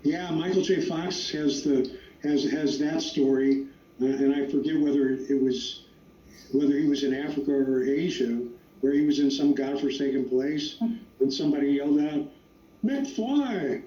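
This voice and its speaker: A man's voice: mid-range voice, flat delivery, moderate pace, dark tone. A man answering audience questions on a panel as the guest writer, telling stories with emphasis. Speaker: screenwriter guest. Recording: echoey distant lo-fi sound.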